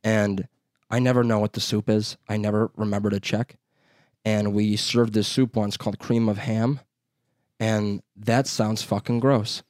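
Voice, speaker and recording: Young male podcast co-host, low-pitched, rambling and profane, dry close recording. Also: flat delivery, unhurried, a little mellow, no room sound. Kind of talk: casual chat.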